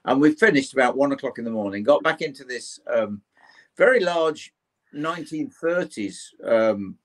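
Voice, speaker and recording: Speaking at a moderate pace with lively intonation and a medium pitch, an older Englishman shares a personal ghost story during an interview. He's a historian and paranormal investigator, and he brings the tale to life by imitating the people in it, cursing mildly here and there.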